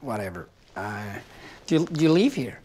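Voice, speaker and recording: A man's voice: on the low side, sing-song, normal speed, a little mellow. An actor playing an awkward man stuck in a lift who fills the silence with rambling, nervous chatter. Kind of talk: film drama acting.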